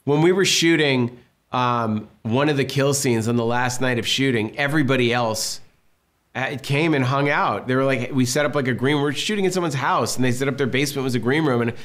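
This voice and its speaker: A man in his fifties from Massachusetts tells stories in a casual interview. He jumps into other people's lines as he tells them, with a mid-pitched voice. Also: brisk. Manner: animated storyteller acting out quotes. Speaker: director being interviewed.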